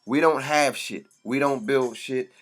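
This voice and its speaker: A man's voice: medium pitch, unhurried, faint music behind. Blunt, profane man in an impassioned rant. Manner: blunt and profane, preaching in bursts. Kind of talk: impassioned monologue.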